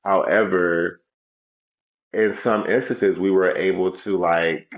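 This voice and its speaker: A man's voice: low-pitched, fairly even intonation, takes it slowly, roomy sound, lo-fi sound. A young man co-hosting a casual podcast, talking in a loose, laid-back way and swearing freely. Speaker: podcast co-host. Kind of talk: casual chat.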